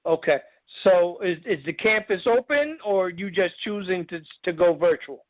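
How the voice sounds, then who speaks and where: A man hosting a casual video-call interview, joking and teasing his young guests in relaxed slang. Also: high-pitched, normal speed, dry recording, dull audio. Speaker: interview host.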